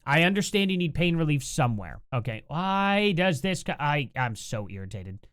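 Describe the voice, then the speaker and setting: Home political commentator, sarcastic rant, lively swooping pitch, dry close sound, plain computer mic. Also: moderate pace, clean tone, no echo. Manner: sarcastic, animated, laughing asides. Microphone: home computer mic, no compressor.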